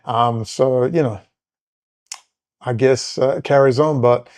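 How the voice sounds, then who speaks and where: A middle-aged man from Australia talks as a podcast host in a loose political monologue. He rambles, with lots of fillers and side stories. His voice is warm, mellow and mid-pitched. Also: takes it slowly. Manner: rambling, conversational, many fillers and asides.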